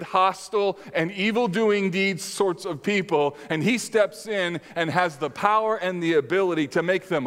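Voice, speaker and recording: A middle-aged man preaching a sermon as pastor, telling stories animatedly with sudden loud bursts. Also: a little high. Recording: long hall reverb.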